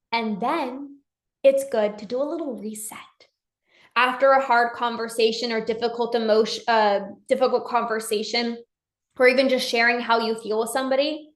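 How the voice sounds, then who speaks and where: A woman giving a motivational talk as a life coach, emphatic, acting out short dialogues in her own voice. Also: on the high side. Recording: echoey room.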